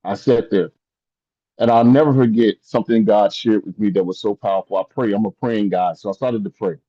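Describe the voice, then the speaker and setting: A man's voice: on the low side, steady tone, a little fast, warm tone, no echo, dull audio. A man giving an impassioned, preacher-like motivational speech to an online summit audience. He speaks to listeners directly and builds to intense climaxes.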